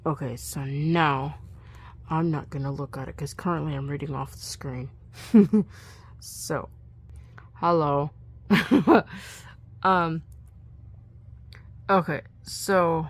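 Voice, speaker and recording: A woman with a fairly low voice works slowly through a recitation in a casual home recording. She thinks aloud, checks herself, and drops into soft asides between lines. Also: breathy edge. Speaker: Latin learner recording her practice. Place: bedroom at home.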